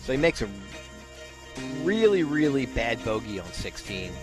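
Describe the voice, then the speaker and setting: A man's voice: mid-range voice, sing-song, normal speed, over music. A man co-hosting a casual talk show, telling a story with frequent restarts and fillers. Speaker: co-host. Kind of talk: casual golf chat.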